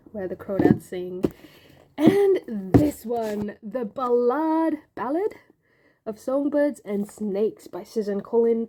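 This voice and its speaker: A woman from Sri Lanka chatting casually and gushing about her books at home, rambling with frequent ums. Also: warm tone. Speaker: book vlogger. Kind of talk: casual chat. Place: home in Hobart. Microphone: camera mic. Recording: low-quality home video with faint noise.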